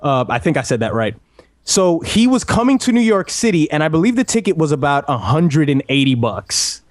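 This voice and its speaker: A man's voice: on the high side, very animated, brisk, dry recording, studio quality. A young man hosting a casual podcast chat, rambling and swearing, restarting his phrases. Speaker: podcast host.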